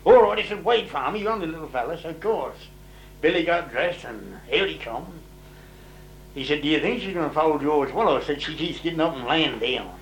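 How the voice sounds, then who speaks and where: A man's voice: fairly high pitch, a little fast, a little hiss or hum, low-quality recording. Older man telling stories. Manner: rambling, dialect grammar, lively when voicing others' words. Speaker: interviewee telling old farm stories. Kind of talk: casual storytelling.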